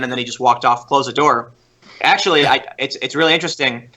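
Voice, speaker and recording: A young man who is a podcast guest, telling a story in casual chat. He talks in an animated way, with many fillers and restarts. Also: mid-range voice, quick pace.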